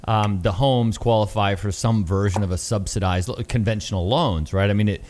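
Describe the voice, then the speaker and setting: A man's voice: fairly low pitch, normal speed, darkish tone, slight background noise. A man hosting a podcast, chatty and joking along while giving advice. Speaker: podcast host. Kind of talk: casual interview talk.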